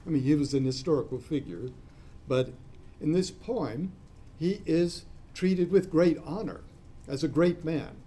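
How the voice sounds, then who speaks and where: A man lecturing a class in a discursive way, spelling out terms letter by letter and pausing with fillers. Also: fairly high pitch, dark tone.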